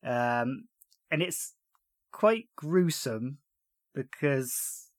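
A man hosts a relaxed podcast, chatting through a TV episode with an easy, amused manner. He retells scenes in a dry voice and laughs along the way. His voice sounds close and dry, with no room echo. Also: mid-range voice, very slow. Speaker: podcast host. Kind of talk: casual podcast chat recapping a TV episode.

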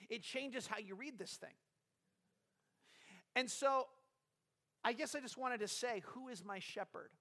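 A man's voice: high-pitched, moderate pace, long pauses, sharp tone. A man preaching a conversational sermon as a pastor, explaining a scripture passage and putting rhetorical questions to his congregation.

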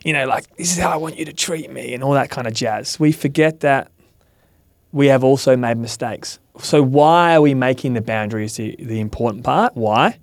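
A man's voice: mid-range voice, dry recording, studio quality. A man on a podcast giving candid, earnest advice, swearing now and then and acting out quoted lines. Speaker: podcast guest, mentor. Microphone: studio mic.

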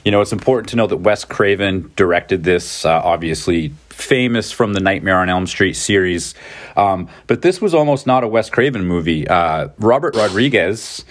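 A man's voice: low-pitched, expressive, moderate pace. A man co-hosting a casual podcast about horror films, rambling with many fillers and restarts. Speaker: podcast co-host. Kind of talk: casual film discussion.

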